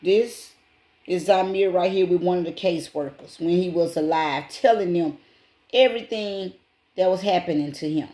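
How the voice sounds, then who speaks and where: Speaking at normal speed in a mellow, low-ish voice, a woman hosting her channel casually recounts a story. She talks straight to her viewers as y'all, stressing and repeating the key points.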